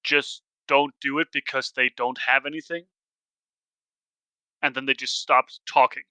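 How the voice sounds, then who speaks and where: A man's voice: mid-range voice, level tone, unhurried, pushed and bright, smooth, no room sound, low-quality recording. A man with a Danish accent chatting casually as a guest on a podcast, talking things through step by step. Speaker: podcast guest, Commander player.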